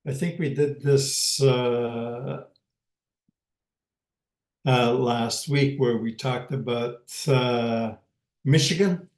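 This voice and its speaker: Teacher: a man with a northern Ojibwe accent, unhurried and halting, in an echoey room. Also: medium pitch. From northern Ojibwe community in Canada. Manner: halting, many pauses and fillers, soft chuckles. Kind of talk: informal online language class.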